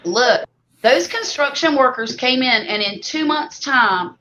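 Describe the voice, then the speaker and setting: A woman's voice: high-pitched, animated, unhurried, sharp tone. A woman in a casual chat, speaking bluntly and with emphasis. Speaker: co-host. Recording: dull audio with faint background noise.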